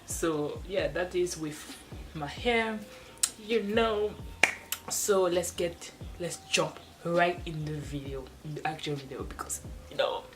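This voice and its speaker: Seated before a wall at home, a woman who vlogs about hair care talks slowly and casually to a camera placed off to one side. Her lowish voice rambles along, full of restarts and small laughs, and the audio quality is poor.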